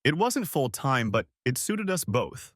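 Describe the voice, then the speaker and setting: A man's voice: mid-range voice, sing-song, unhurried, no echo, clean studio sound. A man narrating a first-person story as an audiobook, telling it expressively.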